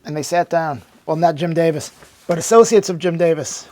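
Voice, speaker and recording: A man's voice: on the high side, fairly quick, darkish tone. A man narrating a comedic, mock-dramatic retelling with sarcastic storytelling.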